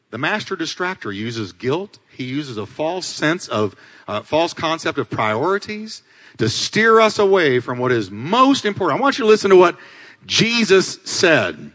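A male pastor delivering a dramatic sermon, swinging from loud climaxes to low asides. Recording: long hall reverb.

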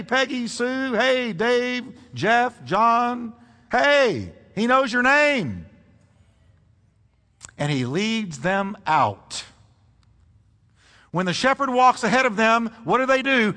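A man preaching a sermon as a pastor, animated and leading his congregation in call-and-response. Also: high-pitched, long reverb tail.

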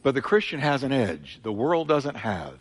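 A male pastor preaching a sermon with emphatic, repetitive delivery, swinging between loud peaks and quieter asides. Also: mid-range voice, sing-song, moderate pace, slightly rough. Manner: emphatic preaching, repeating phrases with rising and falling intensity. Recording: long church hall reverb.

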